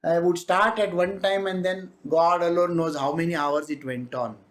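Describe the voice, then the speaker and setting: A spiritual teacher with an Indian English accent delivers a devotional discourse in a conversational, animated manner. The talk is peppered with laughter and quick asides in Hindi. Quoted people get acted out with bits of voice play, so the teaching stays lively and personal. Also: medium pitch.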